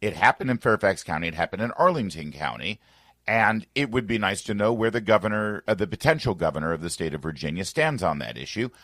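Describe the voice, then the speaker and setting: A man's voice: fairly low pitch, lively intonation, quick pace, a bit bright, no room sound, clean studio sound. A man hosting a political talk radio show, arguing emphatically with rhetorical questions. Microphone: studio microphone.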